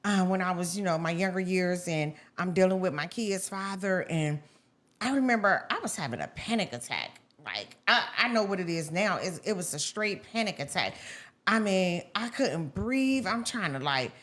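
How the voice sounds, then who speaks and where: A woman co-hosting a podcast. She talks casually and tells her stories with lively energy, picking up speed at times and acting out the other people in them. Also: fairly low pitch, moderate pace. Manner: animated storytelling, acts out quoted voices. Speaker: podcast co-host. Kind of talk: casual chat.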